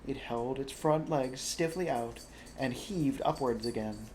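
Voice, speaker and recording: A man's voice: mid-range voice, a little slow, a little mellow, a little hiss or hum. Man reading a bedtime story aloud. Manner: chatty asides to the listener.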